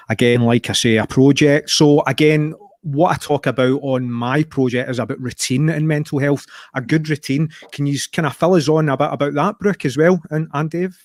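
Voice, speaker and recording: A man's voice: mid-range voice, no room sound. Laid-back man host, dry sound. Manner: laid-back and informal, with many fillers. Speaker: podcast host. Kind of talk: casual podcast chat.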